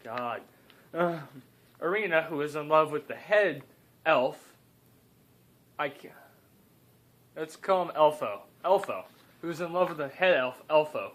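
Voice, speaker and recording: A man's voice: a little high, fairly bright tone. A young man improvising a comedic story, rambling and cutting in with joking asides.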